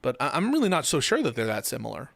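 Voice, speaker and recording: A man's voice: mid-range voice, wildly swooping pitch, fast, gravelly, dry recording. A man hosting a live political stream who chats loosely with his audience, swears and jokes, then argues points in a debate. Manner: loose, profane, joking. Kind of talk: casual live-stream chat and debate commentary.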